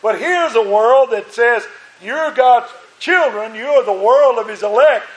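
A man with a high voice preaches to his congregation, driving his points home by repeating phrases. His voice sounds strained from the effort. The sound rings around an echoey church sanctuary. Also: unhurried. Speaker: pastor. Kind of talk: sermon.

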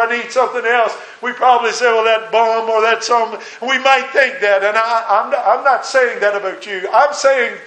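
A man's voice: sits high, pushed and bright. A man, preaching a sermon in a folksy, earnest way and chuckling now and then. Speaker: pastor. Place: church sanctuary. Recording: echoey church room.

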